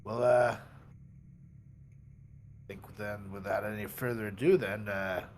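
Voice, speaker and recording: A man's voice: lowish voice, steady tone, a little slow, a little hiss or hum. A man playing a tabletop game, speaking hesitantly with many fillers. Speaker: player. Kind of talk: casual tabletop play.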